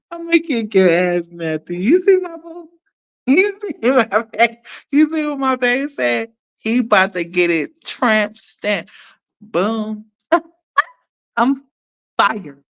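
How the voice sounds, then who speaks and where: A woman hosting a casual livestream, playfully chatting with viewers, shouting them out and laughing often. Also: on the high side, animated, takes it slowly, long pauses, dull audio. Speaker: livestream host.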